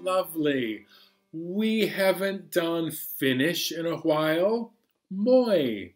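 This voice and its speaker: A man's voice: a little high, expressive, faint music behind. A man hosting a library storytime for young children, chatting and singing cheerfully while strumming a banjo. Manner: slow, cheerful, sing-song delivery to kids, playing banjo. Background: banjo accompaniment.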